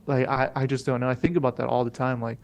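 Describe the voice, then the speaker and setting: A young podcast co-host with a gravelly, fry-edged voice at a middle pitch. He rambles through a slangy, profane story and slips into the voices of the people in it. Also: level tone, quick pace, lo-fi sound. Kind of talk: casual chat, storytelling.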